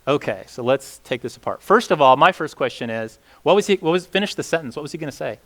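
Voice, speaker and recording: A man teaches scripture in a loose, conversational way, filling his talk with "like" and turning often to questions for his listeners. His voice sits high and swings widely up and down as he explains. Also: expressive, fast. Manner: conversational, many "like" fillers and restarts; rhetorical questions to the group. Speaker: Bible teacher. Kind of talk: casual teaching session.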